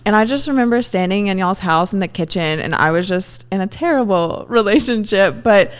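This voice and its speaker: A woman's voice: medium pitch, animated, fairly quick, smooth. A woman co-hosting a podcast in candid casual chat, open and laughing, who swears freely. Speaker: podcast co-host.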